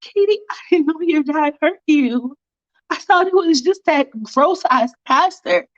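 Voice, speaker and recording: A woman's voice: sits high, animated, a little slow, dry recording, lo-fi sound. A woman voicing a careless teenage girl who stammers apologies in casual slang. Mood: flustered.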